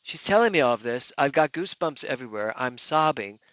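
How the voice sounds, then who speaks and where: A man giving a talk as a minister, telling a personal story in an earnest, emotional way. His voice moves from hushed to loud. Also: mid-range voice, lively intonation, fairly quick, no echo, lo-fi sound. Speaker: guest speaker, minister.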